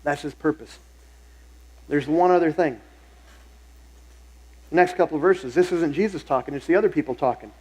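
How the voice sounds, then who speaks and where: Higher-voiced man preaching conversationally. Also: normal speed, pauses often, darkish tone, husky, low-quality recording. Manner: conversational storytelling, repeats phrases for emphasis. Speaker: pastor. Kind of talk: sermon. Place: church sanctuary.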